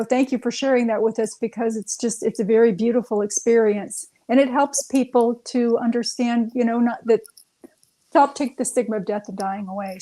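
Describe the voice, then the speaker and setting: A woman's voice: on the high side, warm tone, low-quality recording. A woman hosting an interview, encouraging her guest to keep talking. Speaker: host. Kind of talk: interview talk.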